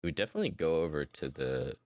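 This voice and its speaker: A man's voice: extremely low pitch, sing-song, quick pace, no echo. A man playing a tabletop game, laid-back with casual slang. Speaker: player.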